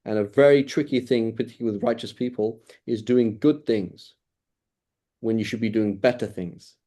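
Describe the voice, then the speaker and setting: A man with a lowish, mellow voice teaches a class in a loose, conversational way. He circles back on his points, repeats phrases for emphasis and keeps checking in with his listeners by asking "right?" after his points. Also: normal speed. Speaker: religious teacher. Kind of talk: informal classroom lecture.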